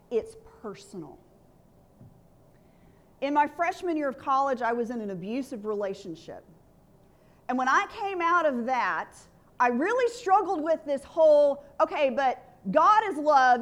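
Woman pastor, high voice, earnest conversational sermon, call-and-response. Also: fairly bright tone.

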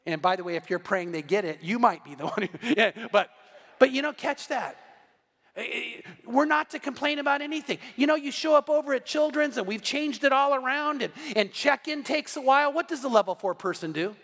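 A male pastor preaching in a lively, conversational way, slipping into quick acted-out quotes. His voice sits high for a man, and it carries a long reverb that rings through a church hall. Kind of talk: sermon.

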